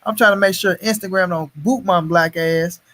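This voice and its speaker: A man with a high-pitched voice hosts a casual boxing live stream. He rants heatedly and swears constantly as he complains about fight start times. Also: steady tone, normal speed, bright, forceful tone, slight background noise. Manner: profane, heated ranting. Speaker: host of a boxing talk stream.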